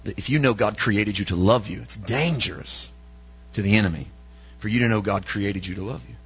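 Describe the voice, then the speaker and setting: Guy preaching a sermon, kinda raspy voice, punchy, lots of questions, bit muffled audio. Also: lowish voice, steady tone, quick pace. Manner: emphatic, asks the congregation rhetorical questions.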